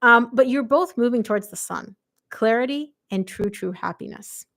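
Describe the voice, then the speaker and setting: A woman doing a live tarot reading, chatty and excitable, her voice going hoarse from a long day of readings. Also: fairly high pitch, normal speed. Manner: chatty, excitable, quotes people aloud. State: losing her voice. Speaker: tarot reader.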